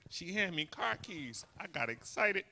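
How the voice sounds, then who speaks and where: A male comedian working a live crowd, teasing and shouting one moment and hushed the next. His voice is bright and a little high. Faint clicks sit under the sound. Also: lively intonation, measured pace, gravelly, a little hiss or hum. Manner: loud, teasing, swings from shouting to hushed asides. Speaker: stand-up comedian. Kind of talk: stand-up comedy with crowd work.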